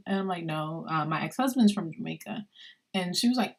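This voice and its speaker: A woman's voice: medium pitch, quick pace. A woman hosting a podcast, talking casually on her own, with lots of fillers as she retells conversations. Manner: conversational, many fillers, animated retelling of dialogue. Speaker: podcast host. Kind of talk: casual solo podcast monologue.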